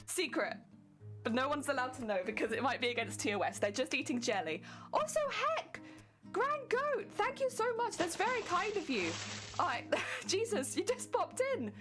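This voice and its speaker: A young woman with a British accent chats through a late crafting stream, laughing often and sounding a little sleepy. Her voice sits at a medium pitch. Plucked guitar music plays clearly underneath. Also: big pitch swings, moderate pace. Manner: giggly, chatty, thanks viewers by name. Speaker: cosplay streamer. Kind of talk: casual live-stream chat while crafting. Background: guitar music playing.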